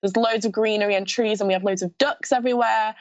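Talking fast in a steady, medium-pitched voice with no echo, a young Scottish woman gives a casual pageant-contestant interview. She's a young adult with a mild lisp, chatty and giggly, and restarts her sentences often.

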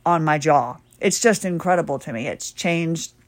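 A middle-aged woman hosting her own podcast, chatty and rambling with sudden excited bursts, while her voice is giving out. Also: sits low, moderate pace. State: losing her voice. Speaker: podcast host. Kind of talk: casual solo podcast talk.

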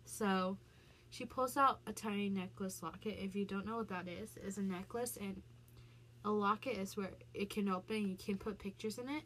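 A woman's voice: mid-range voice, moderate pace, fairly bright tone, slight background noise. A woman talking casually as a vlogger, explaining the meaning of song lyrics with many fillers and restarts. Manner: chatty, frequent "like" fillers and restarts.

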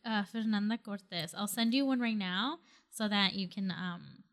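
A woman's voice: mid-range voice, moderate pace. A woman co-hosting a casual podcast chat, talking loosely with lots of fillers and easily spooked. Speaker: podcast co-host.

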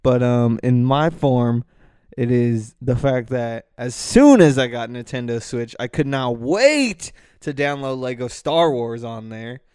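A man hosting his own podcast, talking loosely and swearing as he goes. His voice is smooth and resonant at a middle pitch. The sound is dry and close to the microphone. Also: animated, a little slow, a little mellow, no echo. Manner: rambling, profane, breaks into rants. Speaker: podcast host. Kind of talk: casual solo podcast talk. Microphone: microphone close to mouth.

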